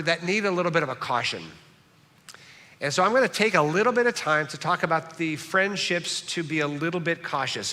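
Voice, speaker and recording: A man's voice: on the high side, bright, forceful tone. A middle-aged man preaching a sermon as pastor, in a conversational, joking and self-deprecating way, in a church sanctuary. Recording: reverberant church hall.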